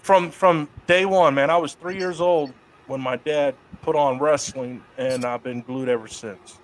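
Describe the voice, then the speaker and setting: A middle-aged man telling wrestling stories in a casual interview, profane and lively. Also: fairly high pitch, a little slow. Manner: profane, animated storyteller doing voices of others in quotes. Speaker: guest, wrestler.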